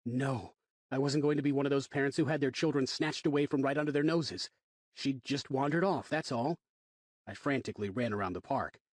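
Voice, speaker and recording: A man narrating a thriller audiobook in the first person, wry and expressive. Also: mid-range voice, a little fast, no echo, studio quality.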